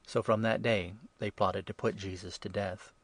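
A man reading scripture aloud in a steady, even narration. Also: fairly low pitch, normal speed, no room sound. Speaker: reader.

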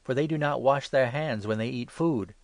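A man's voice: mid-range voice, normal speed, no room sound, voice pushed up, natural voice. A man voicing indignant male religious scholars who speak in an accusing way in a scripture reading.

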